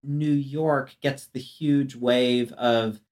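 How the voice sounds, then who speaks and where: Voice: mid-range voice, fairly even intonation, extremely slow, darkish tone. A podcast co-host in a casual chat, telling stories in a meandering, chatty way.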